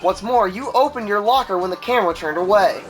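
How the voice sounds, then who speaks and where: A man voicing a confident young male defense lawyer in a measured reading over game music. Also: high voice, natural voice.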